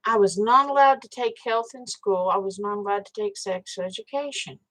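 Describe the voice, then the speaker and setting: A woman's voice: mid-range voice, normal speed, a bit bright, poor audio. A woman, hosting a live stream and telling a story in a frank, chatty way, swearing casually and talking straight to her viewers.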